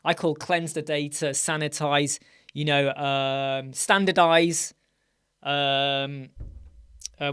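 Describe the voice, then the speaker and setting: A British livestream host, tired and rambling, answers questions live while fixing his own wording and repeatedly saying "right?" His voice is slightly high, a bit bright, and clean.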